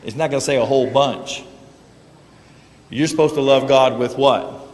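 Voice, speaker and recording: Male preacher, mid-pitched, folksy and joking, storytelling from a reverberant church sanctuary. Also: moderate pace, darkish tone, a little hiss or hum. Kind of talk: conversational sermon.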